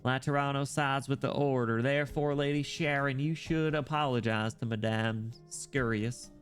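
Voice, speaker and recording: Brief: stern church legate, measured and formal, read by a male streamer, game story dialogue. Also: medium pitch, steady tone, soft background music, close to an everyday voice.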